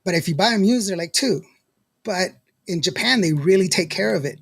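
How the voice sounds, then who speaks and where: A man's voice: sits high, animated, brisk, creaky, a bit bright, slightly rough, no room sound, clean studio sound. A man hosting a podcast in casual chat, reading live comments and rambling with frequent laughs. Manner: rambling, laughs often, lots of restarts. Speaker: podcast host.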